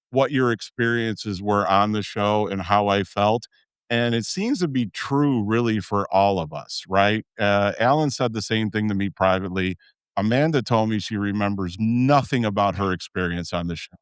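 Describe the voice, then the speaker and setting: A man with a Chicago accent hosts a podcast in a frank, chatty way. His voice sits on the low side and sounds smooth and clean. The sound is dry and close, with no room echo. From Midwestern US. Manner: candid, chatty, with filler "uh"s. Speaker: podcast host. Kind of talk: casual podcast talk.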